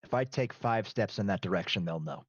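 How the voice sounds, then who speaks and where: A man voicing a calm demon boss. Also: lowish voice, a little fast, dry recording, muffled recording. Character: composed demon heir and powerful boss.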